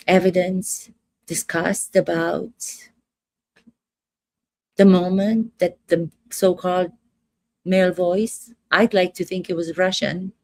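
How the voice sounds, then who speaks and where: Gravelly, slow-talking woman acting coach. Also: mid-range voice, a little mellow, no echo. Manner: emphatic, repeats phrases, asks rhetorical questions. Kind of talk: casual commentary to camera.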